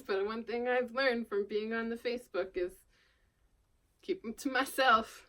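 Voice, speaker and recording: A woman's voice: a little high, unhurried, a bit bright. A woman from Long Island with no accent, chatting casually and self-deprecatingly to camera while she works, often dropping to a murmur. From Long Island, New York. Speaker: vlogger. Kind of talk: rambling casual chat while working. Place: indoors at her worktable.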